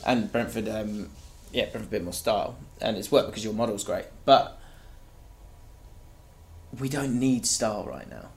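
A man co-hosting a casual football podcast, talking in an animated way with frequent restarts. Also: on the low side, normal speed, gravelly. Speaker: podcast co-host.

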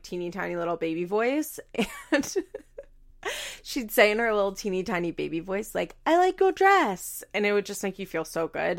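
Chatty woman with a gravelly edge. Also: mid-range voice. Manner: chatty, lots of fillers, swearing, laughs often. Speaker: podcast host. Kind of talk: casual chat.

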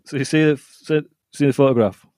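Male co-host, mid-pitched, rambling storyteller, dry studio sound. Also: a little fast, warm tone, dry recording. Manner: rambling, repeats himself, reads reviews aloud with laughs. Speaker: podcast co-host. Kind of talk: casual chat.

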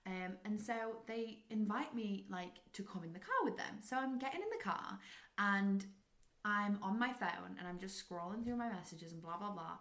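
A young woman co-hosting a podcast, telling stories in a giggly, animated casual chat. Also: medium pitch, moderate pace. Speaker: podcast co-host. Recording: roomy echo.

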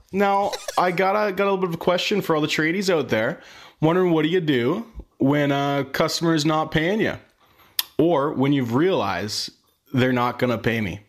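Chatty male tradesman caller. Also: on the high side. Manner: chatty, cheeky. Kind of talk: recorded voice message.

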